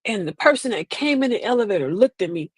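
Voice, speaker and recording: A woman's voice: mid-range voice, big pitch swings, quick pace, breathy edge, no room sound. An older woman hosting a casual comedic chat, sassy and preachy, laughing through her asides. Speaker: host. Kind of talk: casual comedic storytelling to an online audience.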